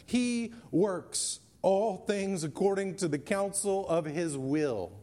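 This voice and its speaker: In a church sanctuary, a male pastor preaches a sermon, reading scripture aloud and hammering his points home through emphatic repetition. His voice is high, animated and warm, and he speaks at a slow pace.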